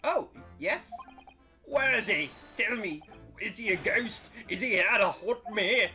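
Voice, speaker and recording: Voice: medium pitch, lively intonation, a little slow, pushed and bright, faint music behind, voice pushed up. A player reading aloud from a mystery game, voicing a melodramatic young man who is sure he is cursed and wails about it in a theatrical way. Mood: haunted. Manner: theatrical, wailing.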